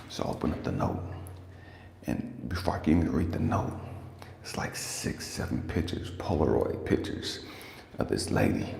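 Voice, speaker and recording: Profane, preachy young male coach, deep and gravelly voice, roomy reverb. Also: a little hiss or hum. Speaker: life coach and speaker. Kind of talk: casual storytelling rant to camera. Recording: echoey room with long reverb, faint ambience.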